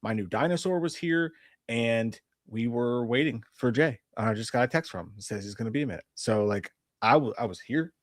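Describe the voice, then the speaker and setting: His medium-pitched voice is animated and fairly quick, captured in a dry, clean studio recording. He's a man in his forties running a live stream, rambling through a crudely funny story in relaxed conversation.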